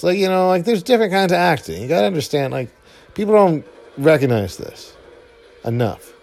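A young man giving casual, rambling movie commentary while watching, full of fillers and offhand swearing, his voice jumping up when excited. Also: a little fast, vocal fry, faint music behind. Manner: enthusiastic, pitch jumps up when excited. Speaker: film commentator.

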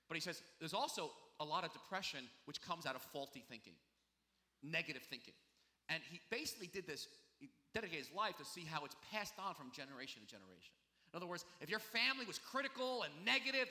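A man's voice: a little high, bright, forceful tone, in a large hall. A man preaching a sermon as pastor, in a conversational, confessional way with many asides.

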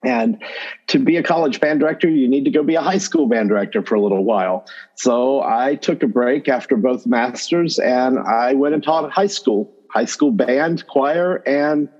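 A middle-aged man with a gentle North Carolina accent talks through his path into teaching as an interview guest. He is relaxed and quick to chuckle, with a voice of ordinary pitch. The recording sounds slightly dull and muffled. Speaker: guest, math education professor. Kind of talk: conversational interview.

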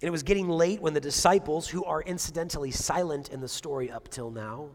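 A man with a fairly high voice preaches in a relaxed, chatty way, tossing in asides and questions to his listeners. His voice rings out with the long reverb of a large church hall. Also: brisk. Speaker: pastor. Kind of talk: conversational sermon.

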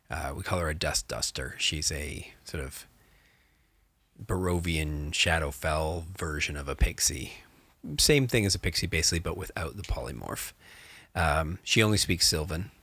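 A man chatting casually as a game master, animated and rambling, with many fillers. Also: sits low, no room sound. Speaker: game master, podcast co-host. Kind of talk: casual chat.

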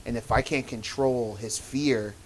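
A man in casual chat, retelling show scenes with lively acted-out quotes and some swearing. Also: mid-range voice, unhurried.

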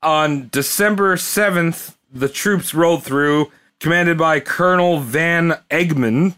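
A man's voice: a little high, takes it slowly, fairly bright tone. A man casually retelling a history story to friends, rambling, swearing freely and laughing along. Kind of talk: casual comedic history chat.

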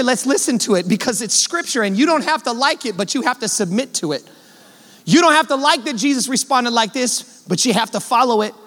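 A pastor delivering a fervent sermon in a church, speaking directly and colloquially to his congregation, swinging between loud emphasis and hushed, low asides. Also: long reverb tail. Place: church sanctuary.

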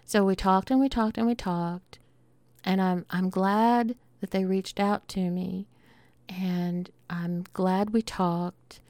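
A middle-aged woman with a Southern drawl talks straight to her listeners in a loose, chatty podcast monologue. She rambles warmly, doubles back and restarts her sentences. Her voice sits in a middle register, and the recording is close and dry with no room sound. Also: medium pitch, fairly even intonation, slow pace, no room sound. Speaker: podcast host. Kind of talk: casual monologue.

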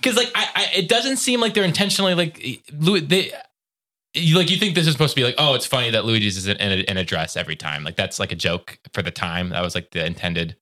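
A man's voice: medium pitch, fast, pushed and bright. A man chatting casually about a comic, rambling with many fillers and restarts. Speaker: podcast co-host discussing a comic. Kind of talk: casual chat.

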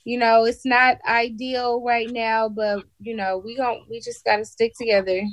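A woman on a video call, talking in a slow, encouraging, faith-minded way in a casual chat. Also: on the high side, little pitch movement, no room sound, poor audio.

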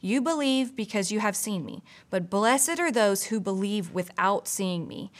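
A woman's voice: medium pitch, lively intonation, measured pace. A woman from a church staff giving a casual, earnest devotional, full of "you know" asides. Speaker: church pastor or staff member. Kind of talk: conversational devotional teaching.

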